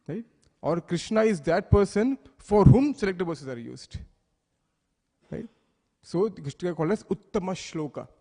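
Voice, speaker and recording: A man's voice: a little high, dark tone, in a large hall. A man giving a devotional scripture class, explaining words step by step and asking the listeners questions. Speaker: temple class speaker. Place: temple hall.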